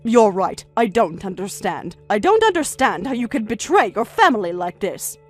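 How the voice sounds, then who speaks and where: Woman reading a steady, firm older grandmother. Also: mid-range voice, normal speed, soft background music. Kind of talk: story narration with dialogue.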